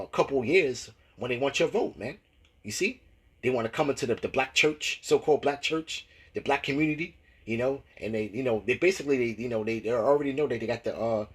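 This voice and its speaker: Husky male scripture teacher, mid pitch, slow verse reading, stammering asides tagged "man, you know?". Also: poor audio. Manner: reads scripture slowly and deliberately. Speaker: religious teacher.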